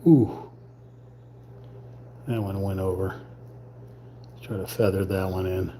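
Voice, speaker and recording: A man giving casual running commentary while painting on a live stream. He mutters quietly to himself and thinks aloud as he works. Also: low-pitched, fairly even intonation, takes it slowly, slight background noise.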